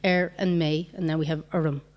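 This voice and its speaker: A woman's voice: low voice, fairly even intonation, fairly quick, a little mellow. A woman giving a conference talk, patiently explaining grammar with examples and the odd light chuckle. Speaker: conference speaker.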